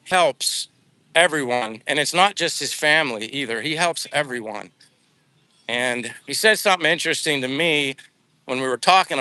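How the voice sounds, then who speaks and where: A man's voice: mid-range voice, sharp tone, no room sound. A middle-aged man vlogger telling a personal story in a casual live stream, emotional and rambling with many restarts.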